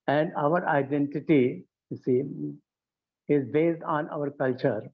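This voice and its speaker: Man, conference speech, halting, self-correcting, fairly high voice, tinny phone-like audio. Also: steady tone. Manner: halting, repeats "you see" often, self-corrects. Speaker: conference speaker.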